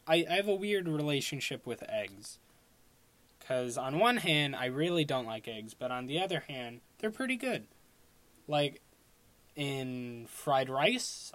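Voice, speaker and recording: Slow, rambling young man from Long Island. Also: a little high, fairly bright tone. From Long Island, New York. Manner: rambling, self-interrupting with fillers and restarts. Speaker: podcast host. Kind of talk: casual solo podcast chat.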